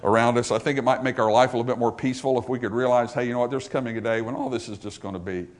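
A man preaching a sermon, emphatic and repetitive, swinging from loud stresses to hushed lines. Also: medium pitch, steady tone, very fast.

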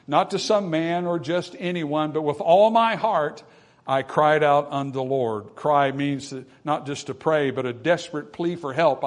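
A man preaching a sermon, repeating phrases and asking the listeners whether they follow, moving from hushed passages to loud emphatic ones. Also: a little high. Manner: repetitive, addresses audience with questions.

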